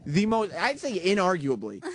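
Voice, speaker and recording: A man's voice: high-pitched, wildly swooping pitch, normal speed, crowd noise. A man hosting a radio show, chatting and teasing his co-host in casual studio banter, with many fillers.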